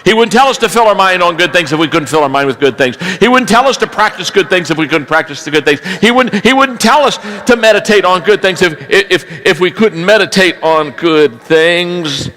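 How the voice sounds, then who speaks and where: A man preaching a sermon, telling stories animatedly, dropping to hushed tones and rising to shouts. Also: high-pitched, lively intonation, fairly quick, few pauses, poor audio.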